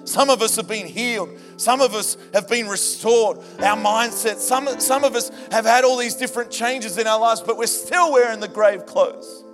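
A man preaching a sermon to a church, animated and humorous, rising to shouts at times. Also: high-pitched, moderate pace, hardly any pauses. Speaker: pastor. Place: church hall. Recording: reverberant church hall with music. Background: band music.

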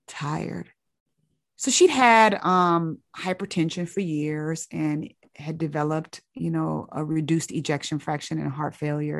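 Low-voiced woman telling a story. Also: gravelly, dry recording, studio quality. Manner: earnest, searching, with many restarts. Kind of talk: reflective storytelling.

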